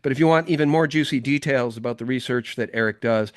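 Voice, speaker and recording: A man's voice: medium pitch, fast talker, dry recording, clean studio sound. A man hosting an interview podcast, talking in an emphatic, indignant way. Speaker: podcast host. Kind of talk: conversational interview.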